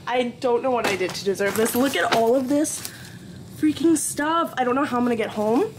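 Talking a little fast in a slightly high voice, a young woman films a casual phone vlog amid background noise. She's upbeat and gushing as she describes her festival trip, from the hotel and pool to outdoors.

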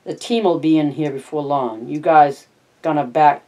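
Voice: mid-range voice, measured pace, darkish tone, lightly acted. Casting note: reader voicing an old ranch hand, chatty and confiding, storybook reading. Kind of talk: audiobook reading.

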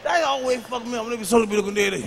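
Loud, high-voiced man doing stand-up. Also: racing, vocal fry, big-room sound, noisy background. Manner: loud, swaggering, profane storytelling with sudden shouts and drops to a murmur. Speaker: stand-up comedian. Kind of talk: stand-up comedy routine. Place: large live venue on stage.

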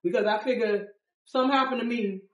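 A woman biker recounts her road trip to a small group, dramatic and full of acted-out quotes, dropping from loud to hushed. She sits at a distance from the mic, and the room rings around her. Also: a little high, fast talker, echoey room, lo-fi sound. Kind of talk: animated storytelling in a group interview.

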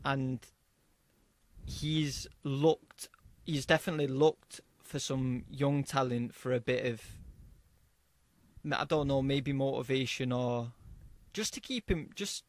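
A man hosting a casual interview, relaxed and encouraging, swearing now and then. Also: medium pitch, takes it slowly, long pauses. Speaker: podcast host.

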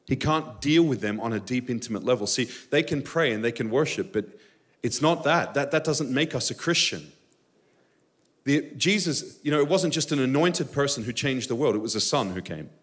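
Impassioned man preaching a sermon. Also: a bit bright. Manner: impassioned, rising to emphatic high bursts, with personal stories. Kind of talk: live Sunday sermon. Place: church sanctuary during a live service.

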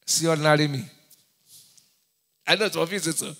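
A man with a Nigerian accent preaching a sermon, firing call-and-response questions at his congregation and breaking into sudden shouts. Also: fairly high pitch, steady tone, normal speed, long reverb tail. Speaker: pastor.

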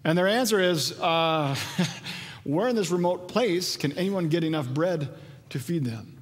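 Man, pastor, conversational sermon, lively quoted lines, echoing sanctuary. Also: a little high, measured pace. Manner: conversational, animated when quoting. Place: church sanctuary. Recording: long church reverb.

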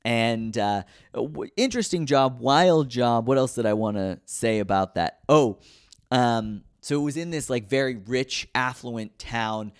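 A man's voice: medium pitch, unhurried, smooth. A man in his thirties hosting a podcast, telling casual stories about an old job in a rambling, profane, self-mocking way. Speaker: podcast host. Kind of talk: casual storytelling monologue.

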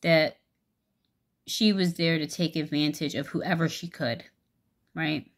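A low-voiced woman tells a personal story in a loose, casual vlog. She rambles and halts, fills pauses with ums and likes, and swears freely and frankly. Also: steady tone. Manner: rambling, halting, with many fillers.

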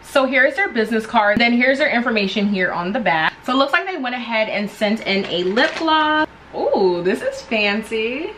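Gushing woman unboxing products, bright voice. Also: a little high, very animated, normal speed, background noise. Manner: gushing, enthusiastic. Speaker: vlogger.

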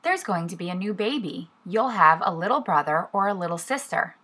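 A woman voicing a caring mother tiger in a storybook reading, in a soft, gentle voice. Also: on the low side, lively intonation, brisk, husky, full character voice.

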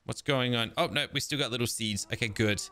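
A young man giving casual running commentary on a survival game, reacting excitedly with sudden exclamations. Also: mid-range voice, fairly quick. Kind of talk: casual let's-play commentary.

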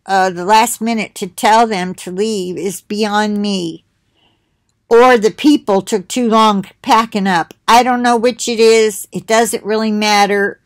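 Slow, rambling woman talking to viewers. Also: mid-range voice, dry recording. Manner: slow, rambling, reads titles aloud with asides. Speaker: video host sharing links. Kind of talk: casual monologue to viewers.

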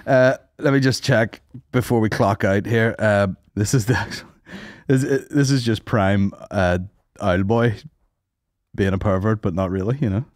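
A man's voice: fairly low pitch, normal speed, darkish tone, no room sound, studio quality. A man hosting a podcast in crude, joking casual chat, laughing often. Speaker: podcast host.

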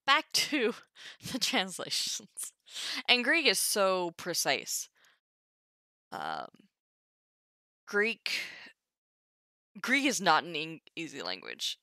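A woman's voice: on the low side, huge pitch swings, extremely slow, long pauses, bright, forceful tone, no room sound, clean studio sound. A young woman teaching Ancient Greek on a live stream, thinking aloud with wry asides. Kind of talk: casual live-stream lesson.

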